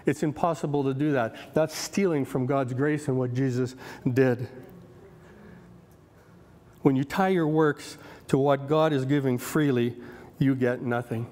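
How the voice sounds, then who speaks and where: A man's voice: mid-range voice, fairly even intonation, a little slow, a little mellow, big-room sound. A man in his fifties preaching a sermon as a guest speaker, in a conversational, story-driven way with frequent restarts and repeated words. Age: 50s. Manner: conversational, anecdotal, with many restarts.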